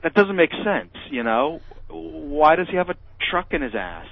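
A man delivers sardonic comedic commentary on a radio show, firing off incredulous, mocking questions. His pitch swings widely as he talks. The remote line sounds muffled. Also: sing-song, moderate pace, gravelly. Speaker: regular guest commentator.

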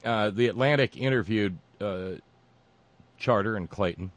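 A man with a fairly low voice hosts a sarcastic political monologue. He wanders through his points with fillers and restarts and keeps a mocking edge. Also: measured pace, dry recording. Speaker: political commentary host.

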